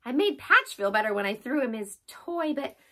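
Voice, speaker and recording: A woman's voice: sits high, very animated, normal speed, bright, forceful tone. A woman leading a children's drama play session, acting out a story with big gasps and sighs.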